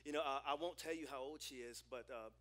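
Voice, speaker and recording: A man in his forties preaching a sermon as a pastor, telling a personal story in an animated way with frequent restarts. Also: mid-range voice, fast talker. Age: 40s.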